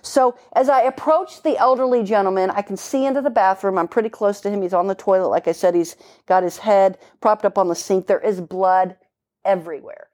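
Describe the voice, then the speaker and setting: A woman's voice: mid-range voice, brisk, few pauses, a little mellow. A middle-aged woman police officer recounting a call in casual conversation, vivid and emphatic, with blunt, casual swearing.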